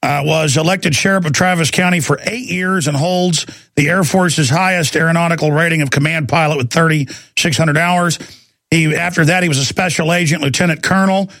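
A man hosting a talk radio show, ranting in a rambling, animated way. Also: on the high side, brisk, no room sound. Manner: animated, rambling, acts out quoted voices. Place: radio studio.

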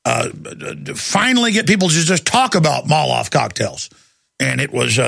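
A man's voice: medium pitch, lively intonation, measured pace, creaky, fairly bright tone, no room sound. A man hosting a talk radio show, ranting in an indignant, sarcastic monologue from a studio.

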